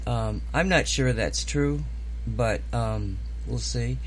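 A man's voice: mid-range voice, slow, slight background noise. A man hosting a casual video-call chat, chatty, laughing easily and stammering a little. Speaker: host.

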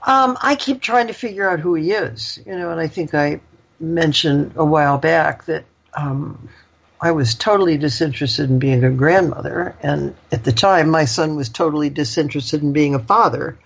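An older woman tells a candid personal story, wandering through it with fillers and little laughs. Her voice has a husky edge. The recording sounds slightly dull and lo-fi. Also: sits low, moderate pace. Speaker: guest.

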